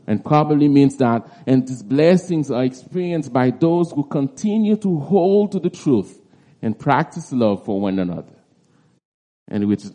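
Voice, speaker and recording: A male preacher works through a Bible text at an unhurried pace. His voice is dark and mellow, and his delivery is halting, with words repeated as he restarts his sentences. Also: mid-range voice. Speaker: preacher teaching a Bible passage. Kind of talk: expository Bible teaching.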